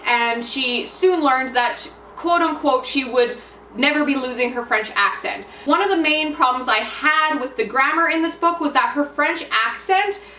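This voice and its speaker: A woman's voice: sits high, measured pace, pushed and bright, slight background noise. A young woman casually reviewing a book for her vlog, chatty and full of filler words, recorded a bit far off in an echoey room. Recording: echoey room heard from a distance.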